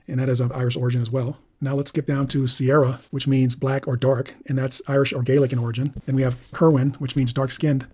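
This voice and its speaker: A man's voice: medium pitch, level tone, brisk, hardly any pauses, darkish tone. A man reading through a list of names and their meanings, explaining each in turn. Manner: plain, explanatory, reading aloud item by item.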